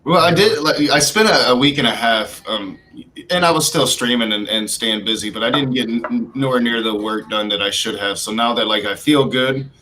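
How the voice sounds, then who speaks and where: A man co-host in a casual chat, halting and stumbling over his words. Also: mid-range voice, pushed and bright, low-quality recording.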